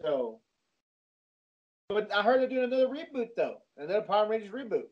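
A man's voice: high-pitched, very animated. A man in a casual chat with friends, stumbling over his words and swearing. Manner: halting, restarts and swears. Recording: dull lo-fi audio.

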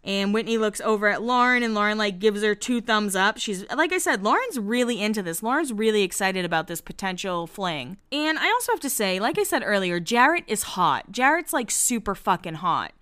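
A woman's voice: mid-range voice, animated, a little fast, few pauses, bright, forceful tone, smooth. A woman hosting a podcast, giving a casual, gossipy recap in a candid style with casual swearing. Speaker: podcast host recapping a reality show.

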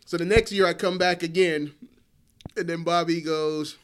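A man in his forties telling animated stories in casual talk, laughing often and swearing freely. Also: on the high side, normal speed. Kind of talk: casual storytelling.

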